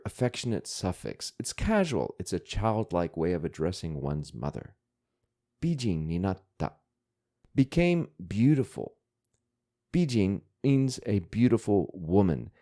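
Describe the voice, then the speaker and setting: A man's voice: lowish voice, warm tone. A man teaching language, patiently breaking down words and grammar in a methodical way. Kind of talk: explaining vocabulary.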